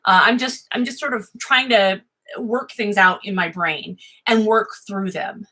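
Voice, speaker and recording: An American woman chatting at home in a rambling, self-interrupting way, admittedly high, swearing freely. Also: measured pace, bright, forceful tone, low-quality recording. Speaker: vlogger. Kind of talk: rambling casual livestream chat. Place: home office.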